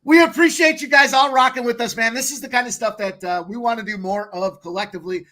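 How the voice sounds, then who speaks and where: A man hosting a sports betting show, talking in an energetic, slangy hype style. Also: extremely high pitch, fast talker. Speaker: host.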